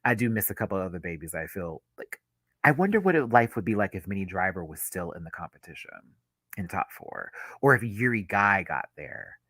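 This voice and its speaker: A man's voice: sits low, very animated, a little fast, sharp tone, dry recording, clean studio sound. A man giving a live, gossipy reaction review of a drag reality show, talking casually with sassy asides and frequent laughter.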